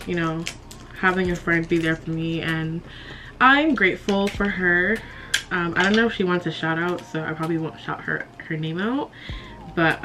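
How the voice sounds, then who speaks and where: A woman's voice: lowish voice, a bit bright. A young woman chatting casually while doing her makeup, emotional and close to tears, sighing and laughing nervously. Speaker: beauty vlogger. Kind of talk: casual get-ready-with-me chat.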